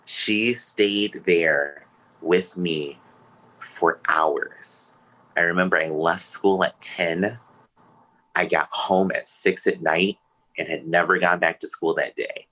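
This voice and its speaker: Podcast guest, male, low pitch, forceful tone, candid and emotional storytelling. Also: rough recording. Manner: emotional, earnest, open.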